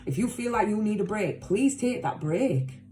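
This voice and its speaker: A woman's voice: medium pitch, expressive, moderate pace, dark tone, a little hiss or hum. A woman giving a casual tarot reading to her viewers, talking emphatically and bluntly, swearing, repeating herself and caring. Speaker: tarot reader.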